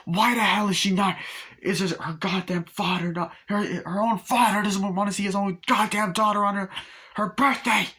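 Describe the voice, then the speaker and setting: Shrill raging mother, as a man mimics her, swears loudly, high pitched, ringing tone. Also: fairly even intonation, normal speed. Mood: exasperated. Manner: shrill, profane outbursts. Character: furious swearing middle-aged mother, film actress.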